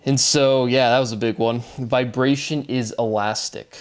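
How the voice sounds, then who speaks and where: A man's voice: mid-range voice, fairly even intonation. Man musing aloud over word patterns. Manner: musing, self-deprecating, wordplay-driven; drifts between quick asides and slow deliberate terms. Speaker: video creator. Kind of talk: rambling solo monologue.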